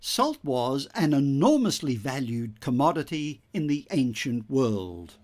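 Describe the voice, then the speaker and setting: A man delivering a scripted homily, explaining the text in a measured teaching manner. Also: medium pitch, big pitch swings, a little mellow.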